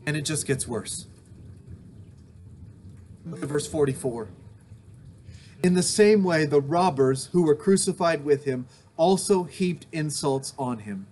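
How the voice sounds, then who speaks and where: Earnest high-voiced male pastor preaching. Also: expressive, a little slow, pauses often, darkish tone, a little hiss or hum. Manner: earnest, emphatic preaching with repeated refrains. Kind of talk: sermon. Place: home during a thunderstorm.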